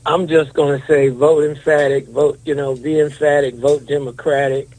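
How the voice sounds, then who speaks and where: Higher-pitched man rallying voters. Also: little pitch movement, moderate pace, darkish tone, rough recording. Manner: rallying, repetitive slogans, colloquial. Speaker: panel guest. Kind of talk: rallying closing remarks.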